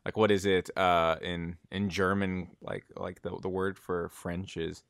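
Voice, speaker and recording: A man's voice: sits low, level tone, measured pace, creaky, fairly bright tone, smooth, dry recording, studio quality. A man co-hosting a podcast, chatting casually and rambling from one tangent to the next. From United States. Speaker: podcast co-host. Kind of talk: casual chat.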